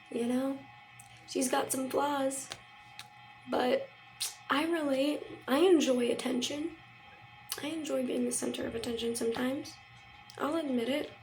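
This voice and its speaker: A woman's voice: on the high side, gravelly, low-quality recording. A young woman vlogging in a casual, rambling way, full of fillers and quoted asides. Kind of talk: casual chat.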